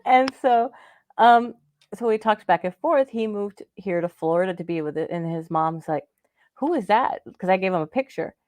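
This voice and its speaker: A woman's voice: medium pitch, moderate pace, darkish tone, no room sound. A woman on a radio show telling a long personal story in casual chat, laughing often and acting out the voices of people she quotes. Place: living in Florida.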